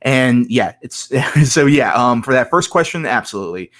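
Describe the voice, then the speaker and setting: A man speaking at a middling pitch, answering podcast questions in a casual way. He hesitates, restarts his sentences and fills the gaps with ums. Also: expressive, moderate pace, a bit bright. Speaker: podcast guest, competitor.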